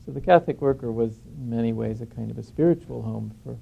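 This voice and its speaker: A man reflectively recalling his past, speaking thoughtfully with many pauses. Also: mid-range voice, gravelly, breathy edge, muffled recording. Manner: thoughtful, halting with fillers. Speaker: former draft resistance organizer. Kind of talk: reflective reminiscing.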